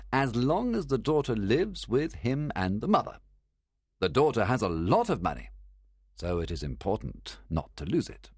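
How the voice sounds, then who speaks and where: Man as Sherlock Holmes, calm and lively. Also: mid-range voice, no room sound, clean studio sound, pitched above the performer's own voice. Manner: measured, quietly assured explaining. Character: calm, confident older male detective. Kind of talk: audiobook reading.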